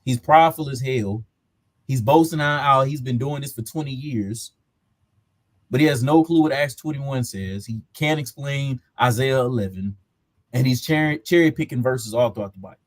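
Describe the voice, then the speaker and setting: A man's voice: mid-range voice, normal speed. A man hosting a live reaction stream, commenting on a debate clip. He laughs often and talks in a loose, mocking way.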